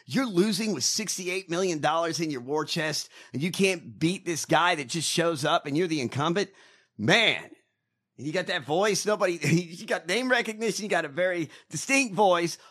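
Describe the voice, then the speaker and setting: A man's voice: on the high side, expressive, normal speed, a bit bright. A man giving casual political commentary in a blunt, mocking way, swearing freely. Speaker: podcast co-host.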